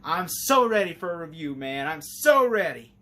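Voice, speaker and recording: A man's voice: fairly high pitch, very animated, normal speed, sharp tone. A man giving a casual spoken review of a TV series, rambling and enthusiastic, filling his talk with "like". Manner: rambling and enthusiastic, heavy use of "like".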